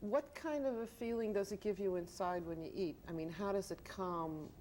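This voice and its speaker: A woman's voice: mid-range voice, moderate pace, a little mellow. A middle-aged woman leads a televised panel discussion. She asks questions and often jumps in to finish other speakers' sentences, with a faint hiss under her voice. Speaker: discussion host.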